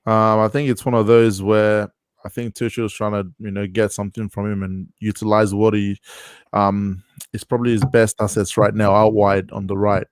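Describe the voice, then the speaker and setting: Low-voiced man with dry sound. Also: level tone, smooth, dry recording. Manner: measured, many ums. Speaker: panelist. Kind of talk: casual football analysis. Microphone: video call.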